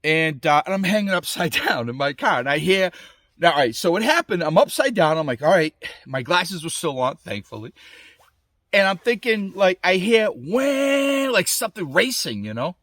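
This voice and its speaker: A man casually telling a personal story to camera, animated and rambling, with lots of restarts and fillers. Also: sits high, moderate pace, dry recording, clean studio sound. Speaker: gear reviewer telling his accident story. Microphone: small camera mic.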